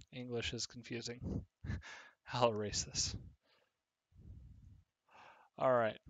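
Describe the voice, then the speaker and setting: A man teaching an English lesson to children, explaining patiently step by step with pauses and fillers. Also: medium pitch, no echo. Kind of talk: recorded online English lesson.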